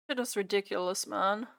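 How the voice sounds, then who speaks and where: During a live reaction stream, a woman chats in a creaky, medium-pitched voice. She sounds exasperated and keeps repeating her own phrases out loud.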